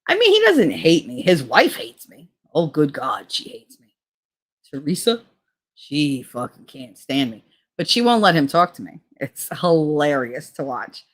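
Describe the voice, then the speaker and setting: A woman's voice: wildly swooping pitch, unhurried. A woman telling a gossipy story in a casual vlog, swearing freely and mimicking other people's voices. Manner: gossipy, profane, mimics others with big pitch jumps. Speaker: vlogger.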